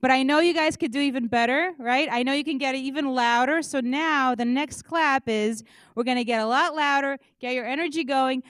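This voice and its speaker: A woman warming up an auditorium audience, joking and leading rounds of applause with loud, energetic calls. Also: sits high, a little fast, dry recording. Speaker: audience warm-up comedian. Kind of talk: stand-up warm-up, leading applause.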